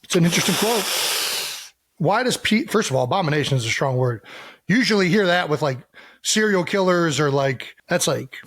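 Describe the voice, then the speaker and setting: A man's voice: fairly high pitch, animated, normal speed, a bit bright. A man co-hosting a podcast in casual chat, rambling, with many fillers and restarts. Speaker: podcast co-host.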